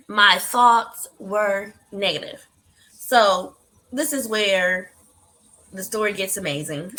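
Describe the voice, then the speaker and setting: A woman hosting a talk show for women, telling a personal story in an animated, heartfelt way and speaking to her listeners directly. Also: medium pitch. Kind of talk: candid motivational storytelling.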